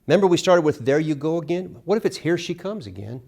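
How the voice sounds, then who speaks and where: A middle-aged man teaching a casual songwriting workshop, acting out lyric lines with lively emphasis. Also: fairly high pitch, quick pace, vocal fry, breathy edge. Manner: animated, sings and acts out lyric examples.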